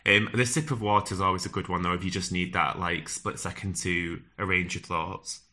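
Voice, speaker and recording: A man's voice: low-pitched, fairly even intonation, brisk, pushed and bright. Man with a strong northern English accent. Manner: earnest, direct, fillers and restarts. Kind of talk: advice talk to camera.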